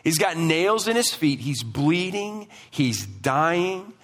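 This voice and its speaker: A man's voice: on the high side, very animated, slow, a bit bright. A man preaching a sermon as pastor, emphatic and asking the congregation questions, in a church hall. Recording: long hall reverb.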